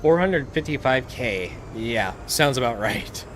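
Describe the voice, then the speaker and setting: A man from the States chats easily while streaming a racing game, his voice bright and sharp at the front. He rambles in a relaxed way, dropping filler words as he thinks aloud, with a faint hum of noise behind him. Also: mid-range voice, a little slow. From United States. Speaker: livestream gaming host. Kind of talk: casual live-stream chat while playing.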